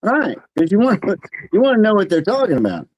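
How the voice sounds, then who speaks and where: A man's voice: high-pitched, wildly swooping pitch, a little fast, darkish tone, no room sound, lo-fi sound. An older man telling a funny anecdote in a casual, giggly way during a livestream. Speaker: livestream guest. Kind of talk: casual storytelling.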